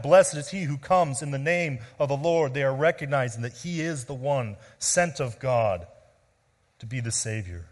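A man preaching a sermon as pastor, explaining in an earnest teaching tone that drops low and soft on key words. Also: in a large hall.

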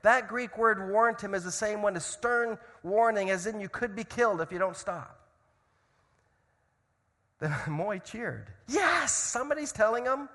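A man preaching a sermon, telling a story dramatically and swinging from loud shouts to hushed tones. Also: high voice, a little slow, in a large hall.

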